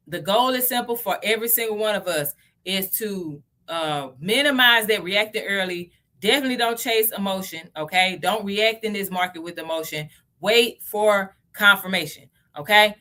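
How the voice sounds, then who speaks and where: A woman's voice: mid-range voice, sharp tone. A Southern woman from Tennessee, around her thirties, hosting a casual crypto livestream, chatty and often checking in with "okay?" and "y'all".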